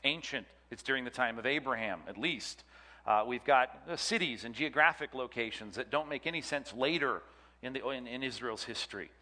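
A man's voice: mid-range voice, fairly quick, bright, forceful tone. A man teaching a Bible class, chatty and joking, quizzing the audience. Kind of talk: classroom lecture with audience questions. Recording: long hall reverb.

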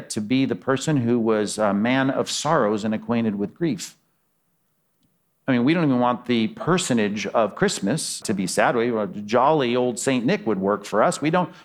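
A man preaching a sermon in a conversational way, asking rhetorical questions and letting his voice fall low for emphasis. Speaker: pastor.

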